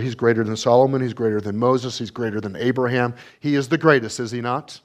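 Man, preacher, sermon, fervent, repeated rhetorical questions, middle pitch, swings from loud emphasis to soft prayer. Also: steady tone, fast.

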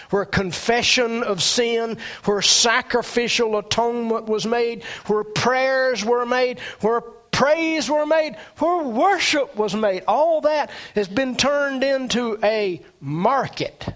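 A man preaching a sermon, animated, with dramatic swings in pitch and loudness. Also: slow pace, few pauses.

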